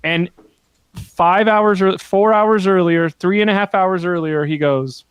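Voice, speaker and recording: A man with a rather high voice chats on a podcast, retelling a card game match in an animated, laughing way with a few curses thrown in. His voice sits close on the microphone in a dry, dead room. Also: measured pace, smooth, no echo. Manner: animated storytelling, swears, laughs often. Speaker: podcast co-host. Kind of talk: casual podcast chat.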